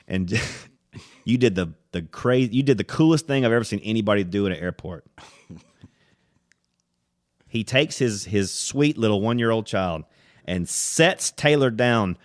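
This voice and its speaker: A man's voice: unhurried, pauses often. A man from the United States, hosting a podcast and animatedly telling a travel story in casual chat. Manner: animated storyteller, acts out voices with loud high-pitched impressions. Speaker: podcast host.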